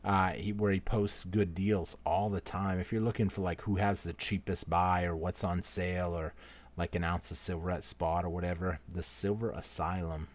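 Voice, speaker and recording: With a very low voice and flat delivery at normal speed, a male live-stream host calls names loudly and then drops into quiet asides. He's running a giveaway in casual commentary and apologizes to each name with "so sorry, my friend."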